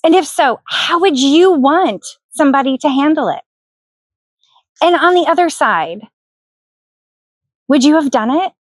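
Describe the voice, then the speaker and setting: A middle-aged woman tells a personal story straight to camera, earnest and reflective, and turns to ask the viewer questions. Her voice sits high, and the recording is close and dry with no room sound. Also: animated, unhurried, pauses often, dry recording. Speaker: vlogger sharing a personal story.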